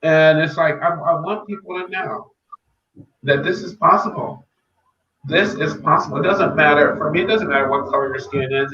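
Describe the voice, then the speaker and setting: A man's voice: a little high, pushed and bright. Man, podcast guest, earnest faith testimony, repeats himself for weight; echoey, dull remote audio with faint hiss. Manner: earnest, faith-filled, repeats key phrases. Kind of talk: personal testimony.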